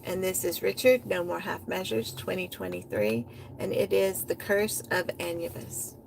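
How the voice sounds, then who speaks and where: A woman hosting a poetry reading, reading poems in a rhythmic, chant-like way and talking about them with hesitant pauses and restarts. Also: fairly low pitch, steady tone, vocal fry, background noise. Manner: hesitant fillers and restarts in her chat, rhythmic chant-like recital.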